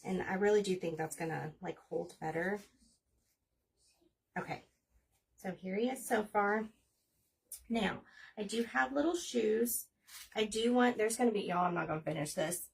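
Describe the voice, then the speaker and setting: A woman's voice: mid-range voice, moderate pace, vocal fry, pauses often, far from the mic, a little hiss or hum. A woman in her forties chatting casually and rambling as she hosts a crafting livestream. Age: 40s. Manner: chatty, rambling, talks while working.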